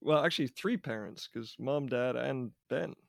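A man joining a casual podcast chat in an animated way, often laughing. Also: medium pitch, moderate pace, gravelly, no room sound, studio quality. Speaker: podcast co-host. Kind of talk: casual banter.

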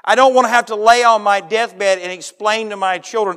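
A pastor in his forties preaching a sermon, joking one moment and then slowing down and dropping his voice to a hush for emphasis. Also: high-pitched, steady tone, clean tone.

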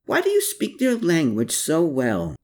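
An earnest, gentle young man who speaks with polite insistence, as an audiobook narrator voices him. His voice is lifted above the narration, and it moves around a lot. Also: on the high side, huge pitch swings, unhurried, pitched above the performer's own voice, full character voice.

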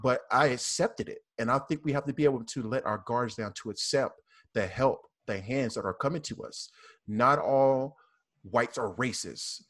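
A man's voice: mid-range voice, moderate pace, fairly bright tone. A man with a Southern US accent, a police officer speaking earnestly and with repetition as a guest in a casual panel discussion.

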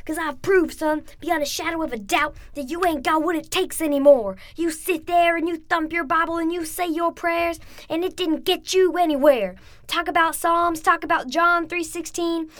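A man's voice: very high voice, fairly even intonation, moderate pace, a bit bright, no echo, voice pushed up. A young man putting on a brash male wrestler cutting a taunting promo, drawling and boastful.

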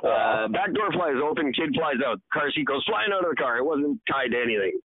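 A man's voice: lively intonation, fairly quick. Mocking man on a tinny line. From Canada. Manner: mocking, puts on silly high voices for impressions. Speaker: podcast co-host. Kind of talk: casual chat. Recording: tinny phone-like sound.

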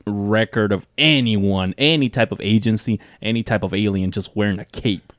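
Male co-host, lowish voice, casual slangy banter, dry close recording. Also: moderate pace, fairly bright tone, dry recording. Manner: laid-back slangy reactions with swearing. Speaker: podcast co-host. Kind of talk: casual chat.

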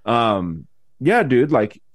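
A man's voice: mid-range voice, very animated, extremely slow, no echo, studio quality. A man hosting a podcast in casual chat, rambling and swearing, with many restarts. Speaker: podcast host.

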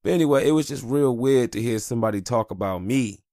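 This man's voice is medium-pitched and dark-toned, and he talks fast. Hosting a podcast in a dry, studio-quality recording, he gives a frank, wandering monologue loaded with profanity.

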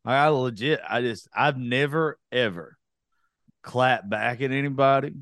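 A man's voice: medium pitch, unhurried, fairly bright tone, no room sound, clean studio sound. A young man hosting a podcast, talking bluntly in a casual, profane rant. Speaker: podcast host.

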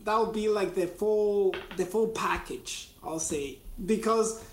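A man's voice: high-pitched, slow pace, roomy sound, poor audio. A man appearing as a podcast guest, speaking hesitantly and searching for his words. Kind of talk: casual chat.

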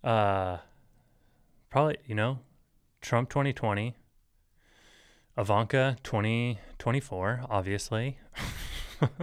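This is a man talking on his own podcast, his voice low-set and smooth, recorded close and dry with no room around it. He wanders from thought to thought with lots of "like" and "uh", chuckling at his own jokes. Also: no echo. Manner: rambling, filler-heavy, laughs at his own jokes; joking, mock-serious asides. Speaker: podcast host. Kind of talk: solo casual podcast rambling.

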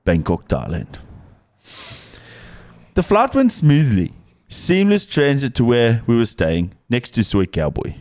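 A man's voice: mid-range voice, huge pitch swings, slow pace, darkish tone. An Aussie man putting on a rowdy Afrikaans-accented rugby tourist. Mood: boisterous. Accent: Afrikaans South African, put on. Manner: boisterous, storytelling, reading a letter aloud. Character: rowdy young male South African rugby tourist. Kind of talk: comedic read-out in a put-on accent.

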